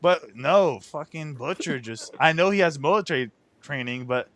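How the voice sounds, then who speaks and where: A man's voice: on the high side, lively intonation, normal speed, fairly bright tone, no echo. Profane, ranting man in casual chat. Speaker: podcast host.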